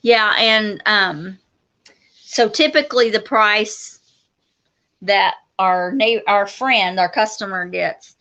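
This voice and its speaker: A woman's voice: medium pitch, slow pace, sharp tone, muffled recording. A woman co-hosting a homestead livestream, chatting casually and enthusiastically with lots of yeahs. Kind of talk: casual live-stream chat.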